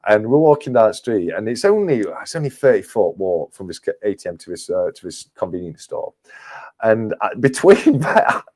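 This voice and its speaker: A man's voice: on the low side, big pitch swings, normal speed, a little mellow. A man with an English accent, a guest on a livestream, telling a casual anecdote and laughing as he goes. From England. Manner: chatty, laughs through his anecdotes. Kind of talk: casual storytelling.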